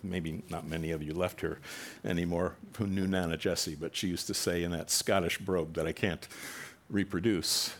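A man's voice: low voice, fairly even intonation, normal speed. A man preaching a sermon to his congregation in a conversational way, now and then acting out quoted voices with rising animation. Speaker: pastor.

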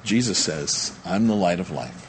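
Man preaching a lively, low-voiced sermon. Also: measured pace, a little hiss or hum. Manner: animated, acts out disciples' panicked voices. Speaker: pastor.

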